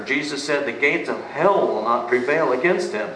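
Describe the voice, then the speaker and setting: A man's voice: mid-range voice, expressive, normal speed, fairly bright tone. A man preaching a sermon as a pastor, emphatic and fond of asking questions and answering them himself. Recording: echoey room, mic at a distance, faint background noise.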